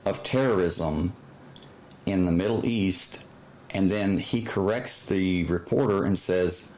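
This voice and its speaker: A man's voice: low voice, a little mellow, poor audio. A man hosting his own channel, giving a heated, sarcastic opinion monologue full of fillers and restarts. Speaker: channel host.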